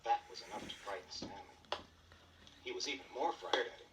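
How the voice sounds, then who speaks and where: A man narrating a children's storybook record with expressive storytelling. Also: mid-range voice, fairly quick, gravelly, pauses often, far from the mic, a little hiss or hum, poor audio.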